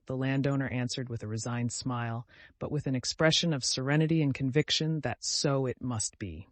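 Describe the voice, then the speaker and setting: A man narrates a classic novel as an audiobook, giving a measured, even reading of scripted narration. His voice is mid-range and there is no room sound.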